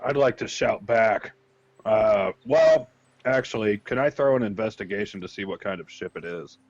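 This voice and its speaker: A man's voice: lowish voice, normal speed, darkish tone. A man playing a tabletop game, eager and speaking up in character as captain. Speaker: player. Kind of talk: casual tabletop game chat. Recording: dull lo-fi mic.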